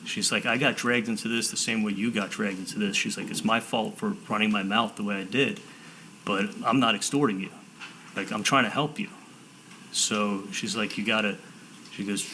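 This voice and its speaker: A man testifying as a defendant in a courtroom, telling his story in halting sentences with repeated words and "I'm like" quotes. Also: fairly low pitch, steady tone, pushed and bright, slight background noise, low-quality recording.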